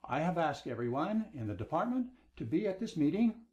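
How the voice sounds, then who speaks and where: A man imitating a female team leader who ends every sentence on a rising, sing-song pitch. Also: sing-song, brisk, a little mellow, lo-fi sound.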